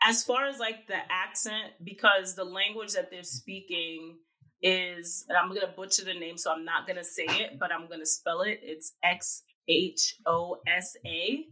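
A woman co-hosting a casual podcast chat, easygoing and quick to laugh. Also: on the low side, steady tone, bright, forceful tone, poor audio. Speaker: podcast co-host.

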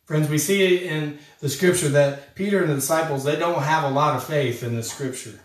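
A man's voice: fairly high pitch, moderate pace. A man preaching a sermon as a pastor, talking in an earnest, conversational way and addressing listeners as friends. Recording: echoey room, voice from a distance.

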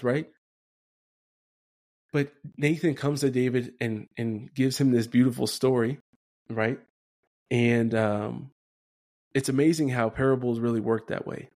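A man hosting a spiritual podcast in a relaxed, conversational way. His voice sits at a middle pitch, and he keeps checking in with his listeners by asking "right?". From Denver area, USA. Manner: casual, conversational, many "right?" tags. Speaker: podcast host. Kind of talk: Catholic reflection podcast.

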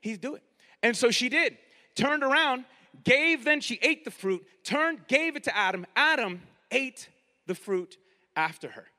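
A man preaching a sermon in a lively, conversational way, often turning to ask his listeners questions. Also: extremely high pitch, measured pace, big-room sound. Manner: animated, conversational, asks the audience directly.

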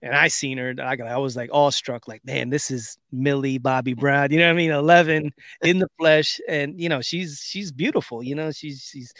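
A man's voice: fairly high pitch, a little fast, dry recording, clean studio sound. A middle-aged man co-hosting a podcast, telling a story in casual chat, using slang and acting out quotes. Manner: animated storyteller, acts out quotes; laid-back slang, says bro and dude. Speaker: podcast co-host.

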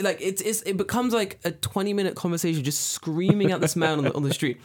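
A man co-hosting a podcast, telling stories in a profane, animated, casual way. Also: sits high, fast talker, few pauses, no room sound, studio quality. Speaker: podcast co-host.

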